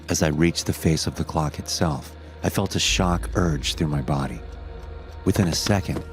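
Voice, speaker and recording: A man giving scripted horror story narration in a steady, measured way. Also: low-pitched.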